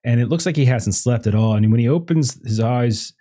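A man's voice: medium pitch, a little fast, mellow. A man narrating a tabletop role-playing game as game master, rambling with many fillers.

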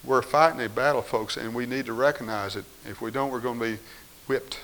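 A man delivers a sermon with a bright, forceful tone at a middle pitch. He reads scripture aloud and swings between quiet, firm statements and raised, pleading voices. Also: steady tone, brisk, slight background noise, rough recording. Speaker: preacher.

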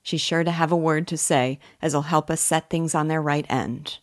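Gentle old village weaver, humble and soft-spoken, read by a woman in a low register. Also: fairly even intonation, normal speed, no echo, clean studio sound, lightly acted. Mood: earnest. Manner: mild, plain country speech.

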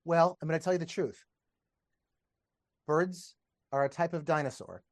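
A man's voice: fairly high pitch, moderate pace, no room sound, studio quality. A man, a podcast guest and teacher, explaining ideas in casual conversation with enthusiasm, wandering off on tangents and laughing as he talks, recorded over a video call.

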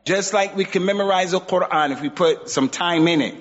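A man's voice: on the high side, steady tone, a little fast, hardly any pauses, a bit bright. A man giving an emphatic religious lesson in a mosque, exhorting his audience. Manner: emphatic, exhorting, acts out quotes. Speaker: Islamic teacher. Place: mosque hall. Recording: dull sound with long hall reverb.

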